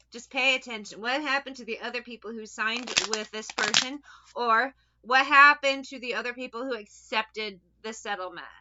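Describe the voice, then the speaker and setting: A woman doing a casual tarot reading in a bright, sharp voice. She talks blunt and chatty, swearing offhand while handing out direct advice. The recording is dull and lo-fi. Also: on the high side, moderate pace, slight background noise. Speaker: tarot reader.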